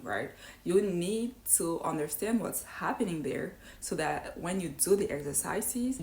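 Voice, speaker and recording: A woman's voice: low-pitched, reverberant, slight background noise. A woman who is not a native English speaker, teaching English pronunciation in an explanatory way and often checking in with "right?". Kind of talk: online pronunciation lesson.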